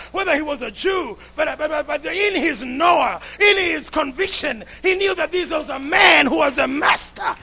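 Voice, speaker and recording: An impassioned male preacher whose voice is strikingly high for a man. He sounds bright and forceful, with a gravelly fry, and he swings between hushed storytelling and full shouts. The delivery is a dramatic sermon.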